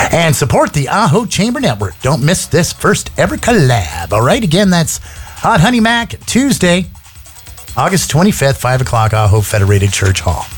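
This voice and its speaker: A man hosting a radio show, chatting casually and joking with many filler words. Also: on the high side. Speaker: radio host. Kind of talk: casual on-air chat. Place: radio studio.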